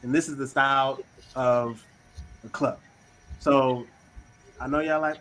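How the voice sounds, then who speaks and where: A man hosting a casual talk on communication styles, slangy and animated, acting out little quoted voices. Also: mid-range voice, a little slow, pauses often, a little hiss or hum, poor audio. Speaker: host.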